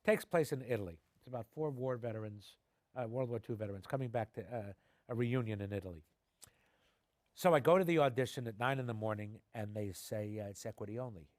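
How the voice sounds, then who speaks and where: A middle-aged man, an actor and a guest in a TV studio interview, telling his stories with energy. His voice sits at an ordinary pitch. The sound is dry and close. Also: a little fast, dry recording. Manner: animated anecdotes, acting out quoted voices. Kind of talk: conversational storytelling. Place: television studio.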